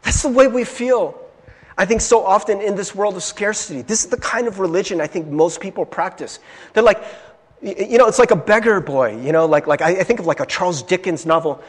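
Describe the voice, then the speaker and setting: A man preaching a sermon in an animated way, swinging from loud to hushed and often stammering as he restarts. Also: sits high, fairly quick, big-room sound.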